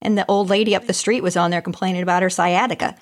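A woman hosting a casual interview, relaxed and laughing along with her guest. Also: lowish voice, fast. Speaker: interview host.

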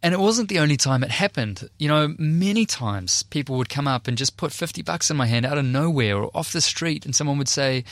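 A man's voice: medium pitch, expressive, normal speed, no echo, studio quality. A young man earnestly telling a personal testimony in a conversational way. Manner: earnest, conversational, emotional retelling. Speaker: Christian speaker and performer.

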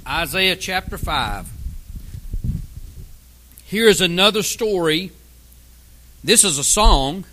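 A man's voice: sits high, very animated, drawn-out words, pauses often, pushed and bright, a little hiss or hum, poor audio. A man preaching a sermon in a folksy, emphatic way, reading scripture aloud. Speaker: pastor.

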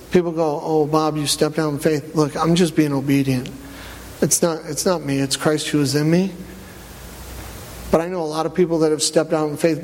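A man preaching a sermon, animated, rising to loud peaks and dropping low. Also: slight background noise. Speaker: pastor. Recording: long church hall reverb.

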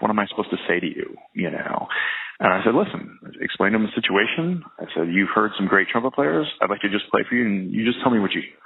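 A man with a lowish, husky voice and vocal fry, a professional trumpet player well past his early twenties, talks casually in an interview. He rambles with lots of fillers and restarts, and the audio has a narrow, phone-like quality.

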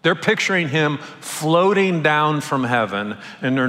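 A man's voice: fairly high pitch, animated, measured pace, sharp tone. A man, a pastor, preaching a sermon in a casual, conversational way with playful asides. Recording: long hall reverb.

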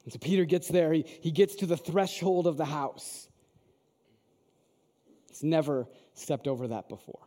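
A man's voice: a little high, expressive, normal speed, pauses often, warm tone. A man preaching a sermon, telling a story in a conversational way and asking the audience questions. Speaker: pastor. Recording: long hall reverb.

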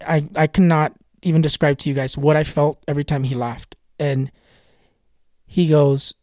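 A man's voice: fairly high pitch, level tone, normal speed, a little mellow, no echo, clean studio sound. Earnest man telling an eerie story. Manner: earnest, retells dialogue with many "he goes" quotes; repetitive, builds suspense. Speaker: spiritual storyteller and tarot reader. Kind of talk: casual spoken storytelling.

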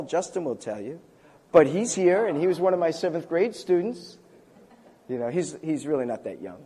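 A man's voice: on the high side, dark tone. An older man preaching a conversational sermon in a church, telling stories with a self-deprecating, chuckling manner. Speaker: pastor.

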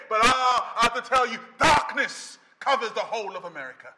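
A man preaching a sermon, impassioned and emphatic, breaking into loud bursts. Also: very high voice, fairly quick, hardly any pauses, noisy background.

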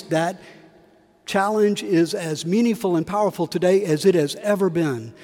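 A man preaches in a cathedral, his slightly high voice carrying a long echo through the stone space. He tells stories with shifting emphasis and briefly acts out the quotes. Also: darkish tone. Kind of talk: sermon. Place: large cathedral.

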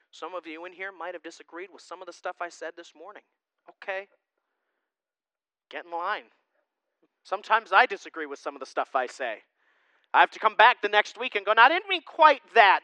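This is an animated male pastor preaching in a loose, conversational style and tossing in "right?" asides. His voice sits high for a man and rings bright and smooth. The sound is dry and close. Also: dry recording, poor audio. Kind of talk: sermon. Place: church sanctuary.

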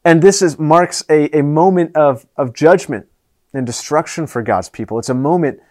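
A man preaching a sermon as pastor, earnest, moving between raised and hushed delivery. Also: a little high, moderate pace.

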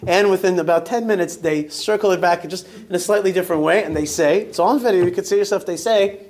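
A man giving a lively storytelling talk in a synagogue, emphatic and joking with his audience. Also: sits high, fast. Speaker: rabbi speaker.

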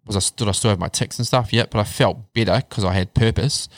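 A man telling his life story in a casual chat, blunt and animated, swearing heavily. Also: fairly low pitch, fast talker, dry recording. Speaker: podcast guest.

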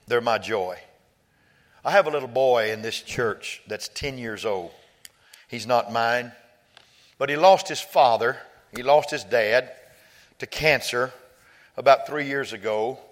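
A pastor preaching a sermon, telling personal stories quietly and then rising to shouted climaxes. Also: male voice, medium pitch. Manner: swings from soft storytelling to loud shouted peaks.

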